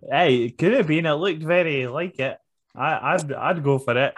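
A man's voice: fairly high pitch, normal speed. A Scottish man co-hosting a podcast, bantering casually, laughing often and swearing freely. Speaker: podcast co-host.

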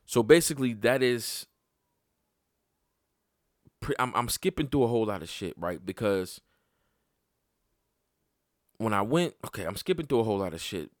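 A man hosting a podcast, telling a personal story in casual, profane talk that climbs sharply in pitch when he gets worked up. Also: moderate pace, long pauses, no echo, studio quality. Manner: animated and profane, voice jumping up when heated. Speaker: podcast host.

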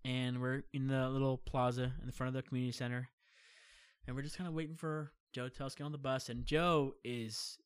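A man's voice: medium pitch, a little fast, clear, resonant tone, dry recording. A young man casually telling a long travel story, rambling with many fillers and acting out quotes. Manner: rambling, filler-heavy, animated retelling. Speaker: guest storyteller.

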